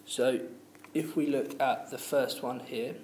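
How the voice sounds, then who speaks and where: A man's voice: medium pitch, steady tone, takes it slowly, a little mellow. Man, teacher, patient explaining, roomy echo, faint hiss. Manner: patient, explaining, with many fillers and restarts. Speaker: language teacher. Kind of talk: classroom lesson. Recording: echoey room with faint noise.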